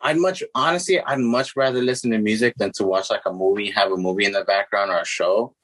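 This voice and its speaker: A man's voice: on the low side, fast talker, fairly bright tone, rough recording. A young man co-hosting a podcast, telling loose, profane, rambling stories in casual chat.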